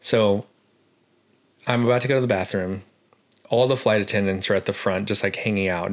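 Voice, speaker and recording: Podcast co-host, young man, lowish voice, rambling profane storyteller. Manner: rambling, profane, laughs often. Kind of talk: casual storytelling chat.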